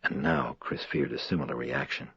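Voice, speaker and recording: A man narrating a horror audiobook in a measured, somber manner. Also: rumbling low, fairly bright tone, husky, no room sound. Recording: dry, slightly dull lo-fi recording.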